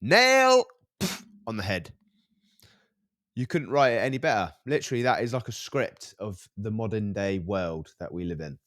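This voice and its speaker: A man hosting a reaction channel, chatting casually and playfully with sudden loud jumps. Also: lowish voice, moderate pace, dry recording, studio quality.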